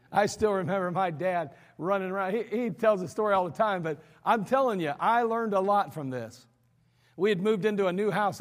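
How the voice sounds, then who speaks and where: An American man preaching a sermon in a church sanctuary, folksy and emphatic as he tells stories from the pulpit. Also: high-pitched. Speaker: pastor. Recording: church hall reverb.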